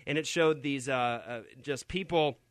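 A man's voice: mid-range voice, a little slow, no room sound. A man hosting a Christian talk show, arguing his point in an emphatic, incredulous way. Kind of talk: opinionated Christian commentary.

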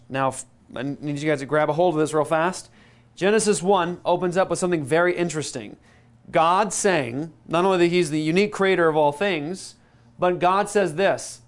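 A man preaching a teaching sermon, emphatic, slowing down and stressing key words, with quick asides in between. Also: on the high side. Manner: emphatic, slows down on key words and repeats them. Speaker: pastor.

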